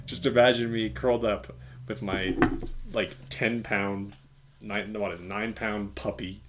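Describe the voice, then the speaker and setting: A laid-back man chatting on a podcast, his voice sitting a little low. He talks in a loose, easygoing way, tossing in slang. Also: steady tone, measured pace, background noise. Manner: easygoing, says dude a lot, reads reviews aloud. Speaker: podcast co-host. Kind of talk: casual chat.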